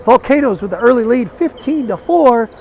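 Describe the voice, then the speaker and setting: A man calling basketball play-by-play in quick, clipped calls that climb with the action. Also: very high-pitched, lively intonation, gravelly, darkish tone, a little hiss or hum. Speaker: play-by-play commentator.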